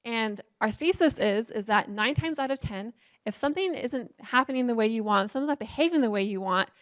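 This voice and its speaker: Her fairly high, bit bright voice moves briskly with lively intonation as she lectures the public in a casual style. She keeps asking the audience "right?" and fills pauses with "um."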